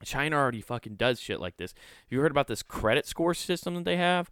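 A man's voice: mid-range voice, animated, quick pace, fairly bright tone, clean tone, dry recording, clean studio sound. A man hosting a podcast, reading news articles aloud and riffing on them in a rambling, profane, joking way. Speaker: podcast host.

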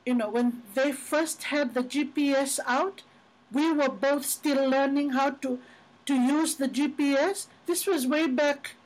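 A woman's voice: sits high, steady tone, measured pace, rough recording. A middle-aged woman, a podcast guest, telling faith stories in casual conversation, chatty and full of "you know" fillers.

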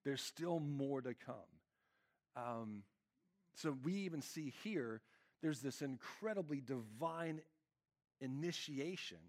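A man's voice: medium pitch, lively intonation, takes it slowly, pauses often, a little mellow. A man preaching a conversational sermon as lead pastor, casual and earnest, peppering his talk with fillers.

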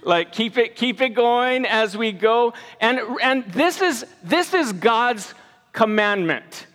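Male pastor, very high voice, slow, loose conversational preaching in a reverberant church hall. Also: animated, fairly bright tone. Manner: conversational, repeats words, leads congregation in recitation. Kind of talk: casual sermon.

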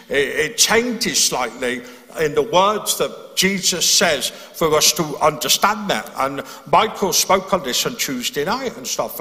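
Lively bright-voiced man preaching in a hall. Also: on the high side. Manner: earnest, explanatory, with frequent restarts. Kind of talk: sermon. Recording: long hall reverb.

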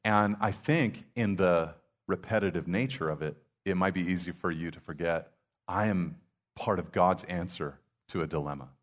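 A man's voice: deep voice, moderate pace. A male pastor giving a conversational sermon, casual and full of "you know", acting out little asides. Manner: casual, heavy use of "you know", animated acted-out asides.

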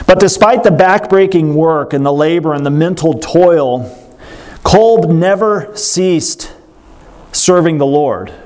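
A man's voice: fairly high pitch, a little mellow. A man preaching a sermon, telling a story earnestly and breaking off for casual asides to the congregation.

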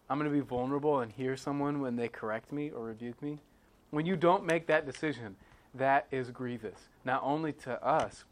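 A pastor with a mid-range voice preaches a sermon conversationally, frequently checking in with his listeners. He swings between quiet, heavy moments and louder, emphatic ones.

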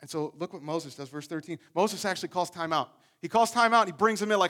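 A man's voice: high voice, expressive, brisk, hardly any pauses, fairly bright tone. A man preaching a sermon, telling the story with energy and often repeating his words as he goes. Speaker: pastor.

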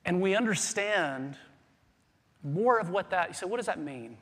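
A man preaching a sermon as pastor, swinging between hushed, quiet passages and loud, urgent emphasis. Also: high voice, lively intonation, normal speed. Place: church sanctuary. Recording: long hall reverb.

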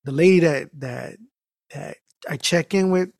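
A man's voice: fairly high pitch, unhurried, creaky, no room sound, studio quality. A man hosting a podcast, telling a loose, profane anecdote that is full of restarts and "dude.". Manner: animated storytelling with many restarts. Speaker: podcast host. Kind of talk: casual chat, rambling anecdote.

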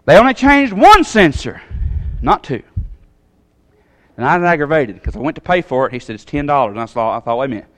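A man tells a personal story from the pulpit. His delivery is folksy and animated, swinging from quiet asides to sudden high bursts. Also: a little fast. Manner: folksy, animated storytelling with big pitch jumps. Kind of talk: storytelling sermon.

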